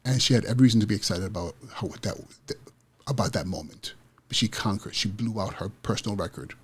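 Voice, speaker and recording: With a fairly low, slightly rough voice, the school principal behind an education podcast delivers a motivational monologue. He talks with passion and emphatic repetition about teaching kids to win.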